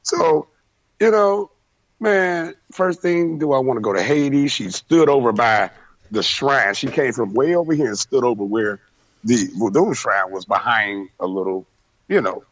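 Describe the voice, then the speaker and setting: A man's voice: medium pitch, expressive, measured pace, a bit bright, no echo, lo-fi sound. A man co-hosting a casual radio chat, telling laid-back anecdotes. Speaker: co-host, spiritual priest.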